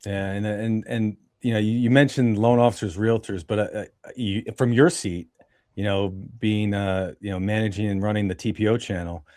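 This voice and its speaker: A man's voice: lowish voice, fairly even intonation, moderate pace, mellow, dry recording, clean studio sound. A man hosting a podcast interview. He talks conversationally, often with "you know" fillers as he asks questions. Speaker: podcast host.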